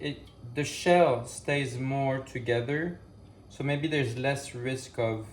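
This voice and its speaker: A man's voice: mid-range voice, a little hiss or hum. A man chatting casually to his viewers while he cooks breakfast, rambling and correcting himself as he goes, filmed on a camera on a tripod in a home kitchen. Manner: chatty and rambling, with many fillers; self-correcting, thinks aloud. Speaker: vlogger. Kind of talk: casual chat while cooking.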